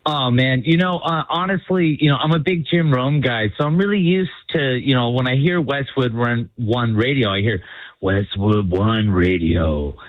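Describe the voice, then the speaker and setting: A man's voice: medium pitch, moderate pace, hardly any pauses, no room sound. A man calling into a sports radio show from the San Francisco area, friendly and rambling, saying "you know" often. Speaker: caller. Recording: tinny phone line.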